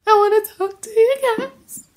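A woman playing an insincere young female beauty vlogger, putting on exaggerated, whiny sobbing in a high voice. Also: steady tone, moderate pace.

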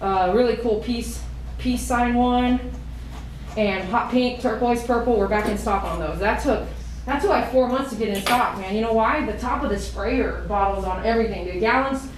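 A woman dog groomer giving casual running commentary while she works, chatty and softly cooing to the dog. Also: on the high side, moderate pace, a little hiss or hum. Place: grooming salon. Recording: echoey room, mic at a distance.

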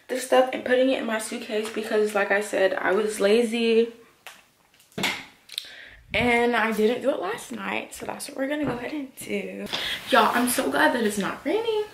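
A woman's voice: on the high side, unhurried, vocal fry. A young woman vlogging casually while packing in her bedroom, chatty and full of "like" and "literally.". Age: young adult. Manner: chatty, says "literally" and "like" a lot. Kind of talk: casual vlog chat. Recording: echoey room, distant mic, noisy.

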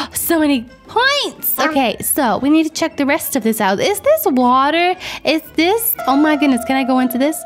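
A young woman who is not a native English speaker, hosting casual gameplay commentary in a bubbly, excitable way with frequent gasps. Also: high-pitched. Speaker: gaming channel host.

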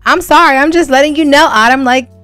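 A nosy mom figure, put on by a woman, who talks in a raised, sweet voice and still says the blunt thing. She sounds a little louder and higher than an everyday speaker. Faint music plays behind her. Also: fast, no room sound. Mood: sweetly blunt. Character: nosy middle-aged mother of an adult daughter.

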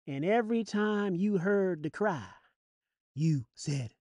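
A preacher delivering a dramatic sermon, with sing-song repetition, drawn-out mocking phrases and chuckles. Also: mid-range voice, animated, a little mellow, breathy edge, dry recording, clean studio sound.

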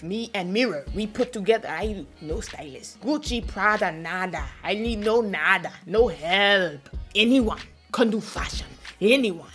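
A boastful fashion diva with a put-on foreign accent and broken English, as a woman puts her on. She sits at an ordinary middle pitch, with a bit of faint music in the background. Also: close to an everyday voice. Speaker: vlogger. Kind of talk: comedic persona sketch.

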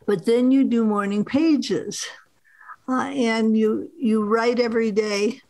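Slow, measured woman teaching. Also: a little high, fairly even intonation, a little mellow, no room sound, low-quality recording. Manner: slow and measured, frequent filler "uh". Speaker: author teaching a master class. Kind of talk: workshop talk. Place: film festival master class.

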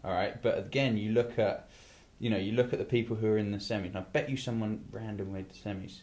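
With lots of restarts, asides and "you know," an English man rambles casually while hosting a talk-show podcast. He talks quickly, and his lowish voice has a darkish tone and fairly even intonation.

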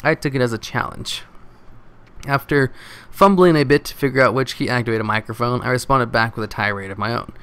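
A man reading a first-person anecdote aloud, with expressive, wry delivery and the odd slip. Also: medium pitch, brisk, clear, resonant tone. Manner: expressive, wry storytelling with small slips. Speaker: narrator reading online posts.

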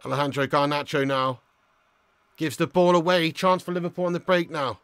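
A man commentates on a match for his viewers in a high, bright voice. He talks as a fan, swearing and laughing. The sound is close and dry, with no room around it. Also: steady tone, brisk, clean tone, no room sound. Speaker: football watch-along host.

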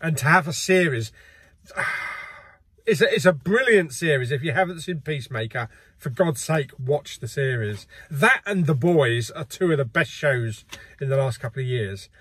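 Brief: middle-aged host, husky and slightly high-pitched, casual and jokey. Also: male voice, animated, moderate pace, fairly bright tone, no echo. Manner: chatty and jokey, laughs often. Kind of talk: casual chat.

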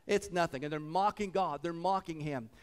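A man preaching a sermon as pastor, swinging between loud fervent passages and hushed reverent ones, repeating phrases and calling out "come on.". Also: fairly high pitch, normal speed, clear, resonant tone.

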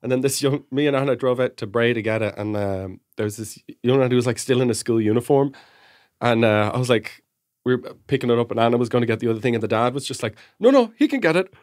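A man's voice: mid-range voice, fairly even intonation, quick pace, darkish tone, no room sound, studio quality. A young Irish man, co-host of a podcast, telling a rambling, self-mocking story in casual chat.

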